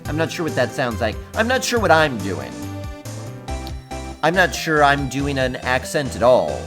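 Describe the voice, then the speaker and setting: Man streamer, casual halting game commentary, lively pitch, music bed.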